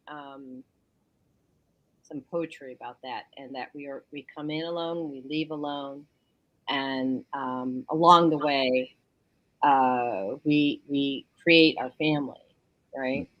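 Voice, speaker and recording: A woman talks from her bedroom on a call-in show, her voice sitting on the lower side. She tells her stories with life and acts out what people said to her. The sound is dry and close, with no room around it. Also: a little slow, no room sound, poor audio. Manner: animated storyteller, acts out quotes. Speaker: guest. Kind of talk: casual radio talk. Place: home bedroom.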